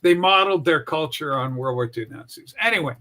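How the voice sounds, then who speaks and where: A man hosting a casual political talk livestream, brash and profane, with animated storytelling. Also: fairly high pitch, fairly quick. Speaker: political talk show host. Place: home room with a Star Trek shrine.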